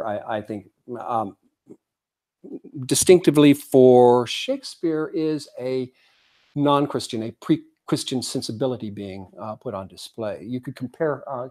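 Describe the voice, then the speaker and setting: In a zen center meditation hall, a man gives a Buddhist dharma talk, speaking haltingly with many fillers and reading quotations aloud. His voice is medium in pitch with a dark tone.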